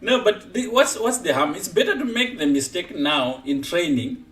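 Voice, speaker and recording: A man coaching chess on a live stream, explaining moves in an animated way and laughing often. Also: high voice, normal speed, reverberant, far from the mic, faint music behind.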